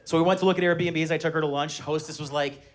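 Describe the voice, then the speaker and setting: A stand-up comedian in his thirties tells animated stories at a live comedy venue with an audience, acting out the voices of his kids and others. His voice is fairly high and quick, with a slight hiss or hum in the recording.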